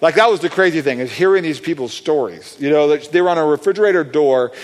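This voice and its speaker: A man excitedly telling a testimony story about praying for people, rambling with many fillers and restarts. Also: a little high, fast talker. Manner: animated, acts out quoted voices. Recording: long hall reverb.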